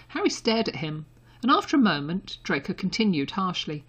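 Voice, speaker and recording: Woman reading a story out loud, soft and intimate, low breathy voice. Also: very animated, a little fast. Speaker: reader. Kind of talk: audiobook narration.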